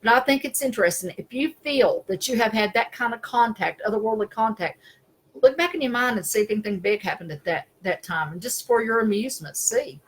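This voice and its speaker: A woman's voice: on the high side, animated, brisk, husky, rough recording. Woman, spiritual consultant, casual and self-deprecating, laughs easily, speaking over a video call. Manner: chatty, self-deprecating, laughs often, trails off. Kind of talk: casual chat.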